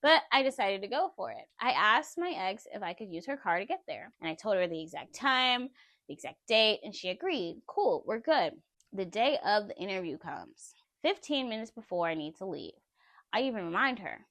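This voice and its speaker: Animated woman telling her own story. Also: medium pitch, moderate pace, no room sound. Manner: animated, emphatic, laughs often. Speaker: vlogger. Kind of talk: personal storytelling.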